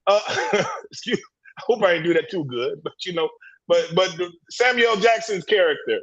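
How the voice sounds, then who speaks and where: High-voiced, preachy man on a livestream. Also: animated, moderate pace, highs cut off. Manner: preachy and emphatic, repeats words and restarts. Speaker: panelist in a men's discussion group. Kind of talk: impassioned group discussion. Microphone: livestream video call.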